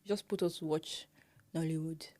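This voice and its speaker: Lively Nigerian woman chatting. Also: sits low, moderate pace. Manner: animated, laughs often, mimics pronunciations. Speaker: podcast co-host. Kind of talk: casual chat.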